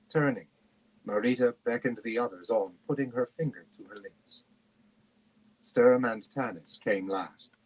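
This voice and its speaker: A man reads a fantasy novel aloud at a steady, measured pace. His voice sits fairly low and sounds husky. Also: poor audio. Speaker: reader.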